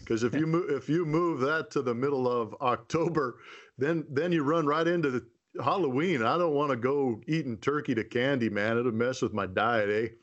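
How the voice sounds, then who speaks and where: Man putting on a gruff Canadian-accent guy. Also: medium pitch, normal speed, lo-fi sound, lightly acted. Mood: mock-grumpy. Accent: put-on Canadian. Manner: exaggerated "eh?" tag endings. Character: joking grumbling Canadian man.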